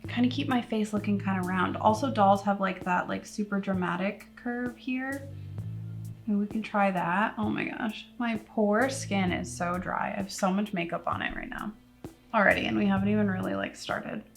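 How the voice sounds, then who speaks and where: A woman's voice: mid-range voice, fairly even intonation, normal speed, creaky, faint music behind. A young woman vlogger chatting casually through a makeup tutorial, rambling and joking at her own expense as she talks to her viewers. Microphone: camera on a tripod.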